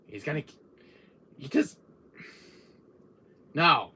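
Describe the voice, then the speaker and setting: An exasperated man chatting on a live stream, laughing and bursting out loud. His voice is bright and a touch husky, and it swings widely up and down. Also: fairly high pitch, very animated, takes it slowly, long pauses. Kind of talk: casual live-stream chat with comic role-play.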